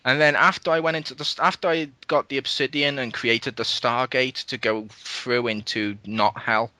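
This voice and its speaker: A man's voice: medium pitch, normal speed, no echo. Een man die een gamepodcast presenteert en opgewonden praat, vaak lacht en losjes vloekt. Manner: excitable, laughs often, swears casually. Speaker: podcast host. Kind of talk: casual gaming podcast chat.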